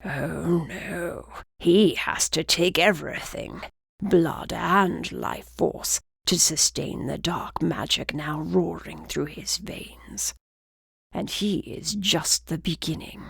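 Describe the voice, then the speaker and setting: A woman's voice: sits low, slow, gravelly, a bit bright, slightly rough, dry recording, heavily acted. Grave male griffin, secretive and urgent, read by a woman, close dry mic. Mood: grim.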